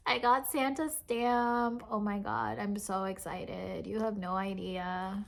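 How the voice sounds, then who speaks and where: A woman vlogger chatting casually as she shows off craft kits, gushing and excitable, with lots of fillers and sighs. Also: medium pitch, slow, vocal fry, slight background noise. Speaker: cross-stitch vlogger. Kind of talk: casual show-and-tell chat.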